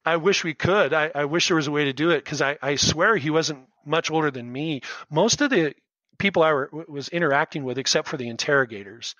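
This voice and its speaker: A man's voice: fairly high pitch, a little fast, pushed and bright, no echo, muffled recording. A man in his fifties from the United States, a teacher, telling his story as a podcast guest in an earnest, emotional way with many restarts. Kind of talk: casual storytelling interview.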